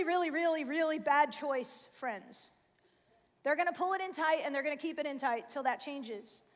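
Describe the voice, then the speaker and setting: A woman in her forties giving a casual, emphatic sermon to parents in a church, full of "like" and "right?". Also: high-pitched. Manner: chatty, emphatic, fillers like "like" and "right?". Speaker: church speaker. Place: church sanctuary. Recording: long hall reverb.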